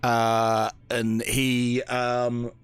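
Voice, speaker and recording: A man's voice: medium pitch, completely flat delivery, drawn-out words, clear, resonant tone, dry recording. A man narrating a tabletop game as game master, hesitant and full of fillers.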